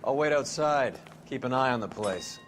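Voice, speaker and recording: A man playing a police detective, speaking flat and matter-of-fact. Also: medium pitch, normal speed, background noise, lightly acted. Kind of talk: game dialogue.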